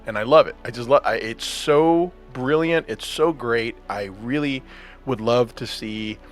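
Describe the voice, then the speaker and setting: A man's voice: medium pitch, fairly bright tone. A man hosting a podcast in casual chat, enthusiastic and laughing often as he talks. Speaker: podcast host.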